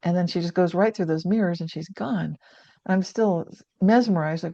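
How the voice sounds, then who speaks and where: An older woman speaks in a low, mellow voice, recounting a personal story in an earnest, reflective way. She often restarts her sentences mid-thought. The dry sound is dull and lo-fi. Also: normal speed, gravelly, no room sound. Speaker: guest author. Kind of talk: conversational storytelling.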